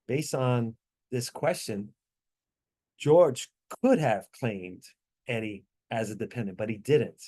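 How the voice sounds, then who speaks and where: Over a video call, a man runs a tax training class, walking through the answers step by step. His mid-range voice is mellow with lively intonation, and he uses lots of fillers and apologizes quickly here and there.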